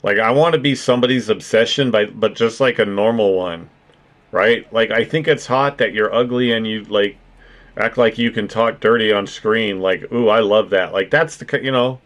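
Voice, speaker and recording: A man's voice: fairly low pitch, moderate pace, a bit bright. A man streaming, musing aloud in casual chat, full of fillers and restarts. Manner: rambling, filler-heavy musing with frequent "like".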